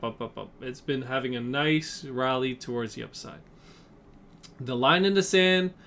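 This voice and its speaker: A man's voice: mid-range voice, a bit bright, a little hiss or hum. A man hosting a trading channel, talking through a stock chart in a casual, rambling way with lots of fillers and restarts, a bit out of breath. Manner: chatty, filler-heavy, restarts often. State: slightly out of breath. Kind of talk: casual market analysis.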